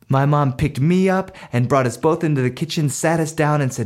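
Animated male storyteller. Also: on the high side, fairly quick, hardly any pauses. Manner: animated, conversational. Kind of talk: personal story told aloud.

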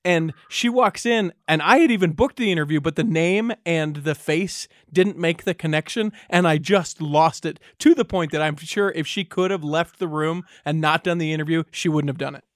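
A male interviewer with a somewhat high voice, friendly and quick to respond. His sound is dry and close to the mic. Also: dry recording. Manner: friendly, with frequent short backchannels and laughs. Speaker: host. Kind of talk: casual interview.

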